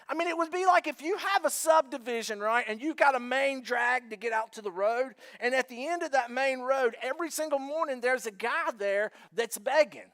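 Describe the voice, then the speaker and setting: A male pastor preaching with a very high voice for a man. He is animated and joking, and he acts out scenes as he goes. He moves easily between teaching and playful storytelling. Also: brisk. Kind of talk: sermon.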